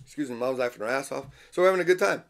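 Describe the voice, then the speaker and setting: A man hosting a podcast, telling a story in a casual, animated way, swearing often and dropping in Spanish phrases. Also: mid-range voice, rapid-fire, vocal fry. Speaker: podcast host.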